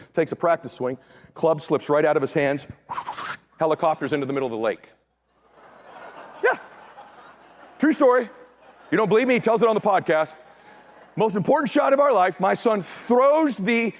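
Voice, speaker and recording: A middle-aged man and motivational speaker who tells a story with animated energy, acts out the voices, and shouts for emphasis. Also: on the high side. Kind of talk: storytelling talk.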